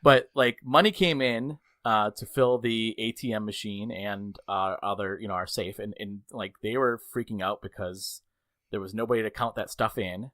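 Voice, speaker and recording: A man's voice: moderate pace, no room sound. A man hosting a podcast, telling a work story in casual chat, acting out the people he quotes. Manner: animated storyteller, acts out quotes with big pitch jumps. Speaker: podcast host.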